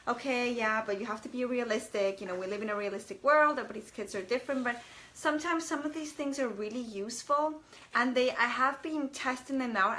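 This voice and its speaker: A woman's voice: fairly high pitch, pushed and bright, a little hiss or hum. A woman in her thirties chatting casually to camera as a parenting vlogger, rambling a little with fillers and restarts.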